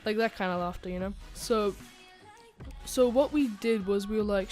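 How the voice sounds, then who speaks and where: A woman chats through a casual storytime anecdote at a mid-range pitch for a woman, rambling with fillers and restarts and dropping in giggly asides. Faint music plays quietly behind her as she talks into a desk microphone. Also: moderate pace. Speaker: channel host telling a story.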